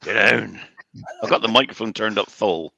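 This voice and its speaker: Soft-spoken man on a headset. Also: lowish voice, moderate pace, gravelly, no echo, lo-fi sound. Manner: soft-spoken, voice trails off at line ends. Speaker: scorekeeper on a live quiz stream. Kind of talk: casual banter.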